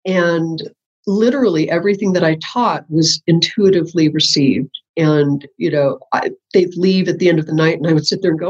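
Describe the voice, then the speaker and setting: A woman's voice: sits low, moderate pace, breathy edge. An older woman, a spiritual teacher, telling the story of how her work began in a casual interview, often laughing and acting out what she thought at the time. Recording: muffled lo-fi audio.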